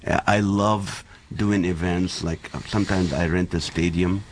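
A man in his forties from the Middle East, whose first language is Arabic, telling jokes with animated, laughing asides as a guest. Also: low voice, unhurried, a little hiss or hum. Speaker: comedian guest. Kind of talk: joking storytelling, then earnest talk.

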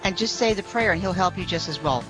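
Calm woman co-hosting religious radio. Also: on the low side, quick pace, over music, poor audio. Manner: calm, reassuring. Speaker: radio co-host. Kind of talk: call-in religious talk radio.

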